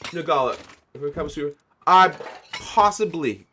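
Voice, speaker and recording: A man's voice: on the high side, expressive, a little slow, bright, forceful tone, slight background noise. A man streaming a video game, chatting casually with viewers and thanking them as he plays. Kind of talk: casual livestream chat.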